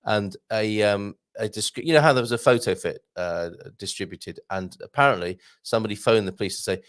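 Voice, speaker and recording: A man hosting a casual livestream, reading out viewer comments in a rambling, self-interrupting way with sudden bursts of excitement. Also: on the low side, a little fast, hardly any pauses. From England.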